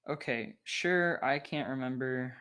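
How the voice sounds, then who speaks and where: A young man hosting a worship livestream in casual chat, excitable and thinking aloud with plenty of fillers. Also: mid-range voice, measured pace.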